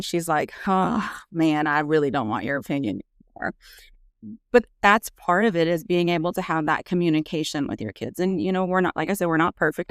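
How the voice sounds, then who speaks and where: Earnest woman with a smooth, resonant voice. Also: fairly low pitch, no echo, studio quality. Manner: earnest, candid, frequent "you know" fillers. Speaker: nurse practitioner and parent. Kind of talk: casual podcast conversation.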